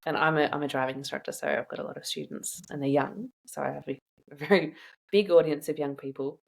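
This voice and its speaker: A woman with a notably low voice for her sex, chatting openly in an interview. She tells stories with animated asides and laughs often, keeping a casual, conversational tone throughout. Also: quick pace, creaky. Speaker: guest sharing her own experience.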